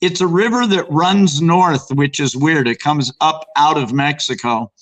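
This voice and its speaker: A man's voice: on the high side, a little slow, fairly bright tone, poor audio. A man from Arizona, raised in Los Angeles, chatting as a guest and telling rambling local stories with many restarts. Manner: rambling storyteller, restarts and fillers, acts out quotes. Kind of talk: casual chat about local hauntings.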